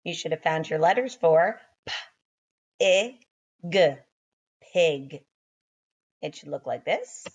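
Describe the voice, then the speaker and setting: A woman teaching young children phonics, sounding out letters slowly and praising them, a little sleepy and yawning. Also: low voice, lively intonation, darkish tone, slightly rough.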